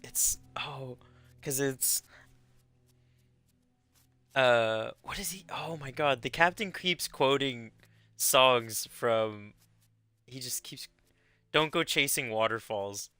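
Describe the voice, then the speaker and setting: A man's voice: medium pitch, very slow, pauses often, sharp tone, dry recording. A man chatting casually while he streams a game, laughing often between lines. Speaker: gaming streamer. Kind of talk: casual chat while gaming.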